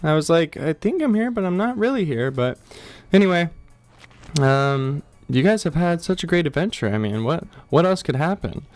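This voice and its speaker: A man's voice: on the high side, lively intonation, normal speed, faint music behind, natural voice. A man playing a chatty, confused teacher appearing on a TV screen, rambling and restarting his sentences.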